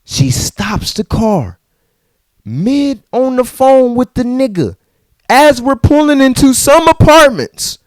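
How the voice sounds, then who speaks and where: A man hosting a podcast, telling a story in a casual, animated and profane way and acting out the people in it. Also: very high-pitched, slow pace, dry recording, studio quality. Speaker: podcast host.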